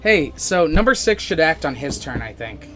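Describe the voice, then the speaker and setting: A man's voice: a little high, very animated, normal speed, pushed and bright, faint music behind. A man running a tabletop game as dungeon master, narrating casually with many fillers.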